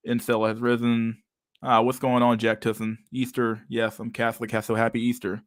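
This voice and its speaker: A man's voice: mid-range voice, little pitch movement, a little fast, fairly bright tone, dry recording, studio quality. A young man hosting a casual livestream chat, talking with a lisp and a stutter and many fillers as he reads out chat messages. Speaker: livestream host reading chat.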